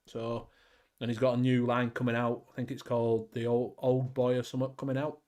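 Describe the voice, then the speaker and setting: A man's voice: medium pitch, monotone, fairly quick, darkish tone. A man with a Northern English accent hosting a casual podcast chat, rambling and friendly with lots of fillers. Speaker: podcast host.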